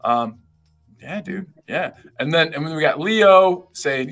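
A man's voice: a little high, lively intonation, slow pace, vocal fry, fairly bright tone. A man co-hosting a live podcast stream, upbeat and reading out viewer comments and greeting people by name. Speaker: podcast co-host.

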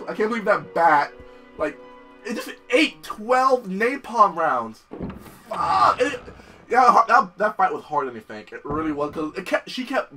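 Excitable young man yelling at a game. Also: on the high side, far from the mic. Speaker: gameplay commentator. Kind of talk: let's play commentary.

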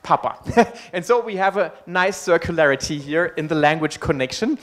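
A man's voice: on the high side, a little fast, a bit bright. A man from Germany with a German accent gives a public university lecture in English through a microphone, friendly and joking, with frequent ums and uhs. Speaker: guest lecturer. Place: university hall. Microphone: amplified microphone.

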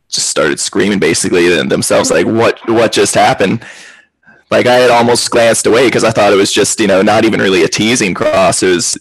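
A man's voice: fairly low pitch, vocal fry, husky, no echo, rough recording. A man hosting a casual football chat over a video call, chatty and rambling. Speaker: podcast host.

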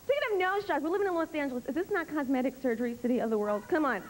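A woman's voice: high-pitched, very fast. A woman stand-up comedian doing a brash, teasing routine that often turns to the crowd. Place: comedy stage. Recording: loud background noise, 1991 club tape.

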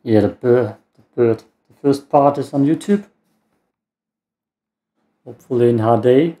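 A man's voice: medium pitch, a little slow, dark tone. A man giving casual let's play commentary while gaming, with meandering mumbled asides. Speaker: gaming streamer.

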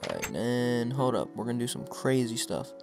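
A man's voice: mid-range voice, moderate pace, vocal fry. Chatty young man narrating his gameplay. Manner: chatty, self-mocking, talks to himself and the viewers; excitable outbursts at game characters. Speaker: gameplay commentator. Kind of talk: casual gameplay commentary. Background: background music.

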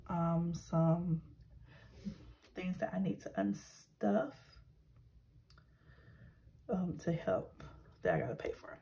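A woman in her thirties chatting casually as a budgeting vlogger. She talks softly, slips into whispers while counting cash and rambles when she vents. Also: lowish voice, big pitch swings, slow pace, gravelly, long pauses, slight background noise, poor audio. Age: 30s. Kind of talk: casual vlog chat.

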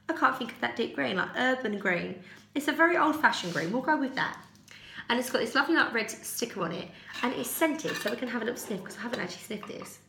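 This young British haul vlogger has a voice on the high side with vocal fry and a sharp tone. Chatting casually through a shopping haul at home, she rambles, corrects herself and giggles, in an echoey room with slight background noise.

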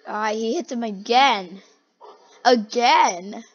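A young person giggling and gasping while reacting to game clips in a try-not-to-laugh challenge. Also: female voice, fairly high pitch, slow pace, muffled recording. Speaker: video reactor.

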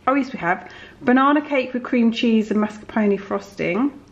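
A woman's voice: a little high, expressive, moderate pace, dull audio. A woman chatting casually in her home kitchen, filming a homely, rambling vlog. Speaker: vlogger. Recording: echoey kitchen, clear background noise.

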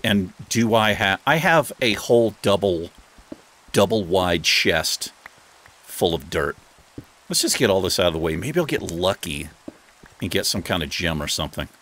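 Gaming host, male, lively up-and-down delivery, rain heard behind him. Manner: chatty, talks to the game animals, jumps into high excited bursts. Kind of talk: casual let's play commentary.

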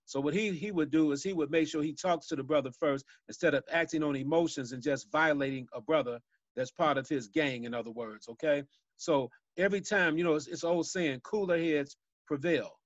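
A man's voice: on the high side, a little fast, no room sound. A man from Chicago telling street stories as a guest speaker on a webinar, folksy and chuckling as he goes. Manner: folksy storyteller, laughs at his own tales. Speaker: violence prevention guest speaker. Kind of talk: storytelling on a webinar. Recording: dull dry video call audio.

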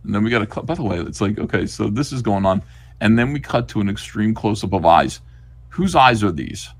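A man's voice: fairly low pitch, brisk, slight background noise. A man hosting a casual comic review stream, talking animatedly and reading panels aloud. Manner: animated, reads comic dialogue aloud in acted voices. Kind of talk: casual chat on a livestream.

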